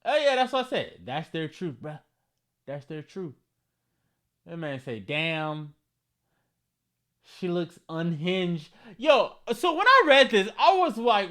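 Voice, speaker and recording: Reading viewer comments aloud on his comedy vlog, a high-voiced man reacts with animated, slangy commentary and flashes of mock outrage.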